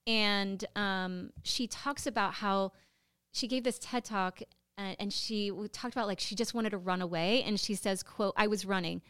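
American woman in her 30s telling a story on a podcast, smooth voice, gets choked up, lots of likes and ums. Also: mid-range voice, steady tone, fairly bright tone, no echo, studio quality. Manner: emotional, halting, many fillers. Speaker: podcast co-host. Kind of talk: casual storytelling chat.

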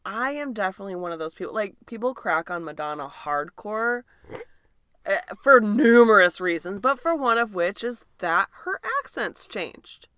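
Woman, thirties, from Michigan, podcast co-host, casual chat, bright, emphatic, dry close sound. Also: medium pitch, animated, clean tone, dry recording. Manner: chatty, emphatic, quick to agree.

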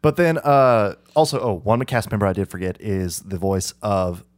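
A man's voice: on the low side, animated, normal speed. A man co-hosting a podcast in casual chat, meandering and correcting himself as he recalls details, laughing easily. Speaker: podcast co-host.

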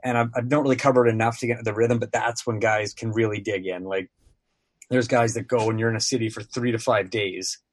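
A man's voice: on the low side, steady tone, fast, no room sound. A sports broadcaster guest, a man in his thirties, telling casual stories on a podcast, rambling with lots of filler words.

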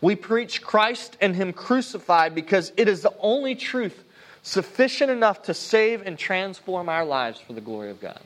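High-voiced earnest preacher man. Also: sing-song, moderate pace, fairly bright tone. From United States. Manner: earnest, conversational preaching with frequent restarts. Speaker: pastor. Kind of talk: sermon.

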